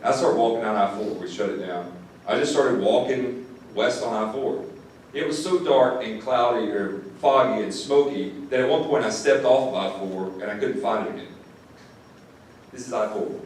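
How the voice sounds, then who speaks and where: A man's voice: mid-range voice, normal speed. A man who is a sheriff's deputy, telling an audience a first-person story in an earnest way, often repeating words when moved. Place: classroom or lecture hall. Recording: distant mic in an echoey room, faint noise.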